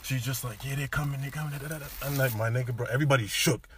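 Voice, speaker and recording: A young man casually telling a story among friends, animated and full of slang, acting out what others said. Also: medium pitch, racing, a little hiss or hum.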